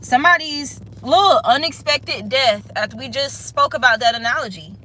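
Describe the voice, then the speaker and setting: A woman's voice: high-pitched, normal speed, bright, forceful tone, slight background noise, rough recording. A woman giving a casual spiritual reading in a blunt, profane, emphatic way, often checking in with "okay?". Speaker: tarot reader.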